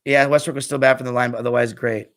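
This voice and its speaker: Sounding weary and offhand, this young American streamer reads through chat comments quickly, letting the ends of his phrases fade. His medium-pitched voice keeps fairly even intonation.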